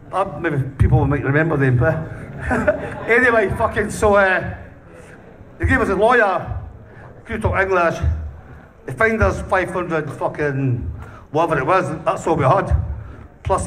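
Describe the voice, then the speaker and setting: A man's voice: sits high, measured pace, fairly bright tone. Swearing Scottish man telling a story. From Scotland. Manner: swears constantly, laughs through his anecdote. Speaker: punk band singer being interviewed. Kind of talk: casual storytelling. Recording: distant mic with faint noise.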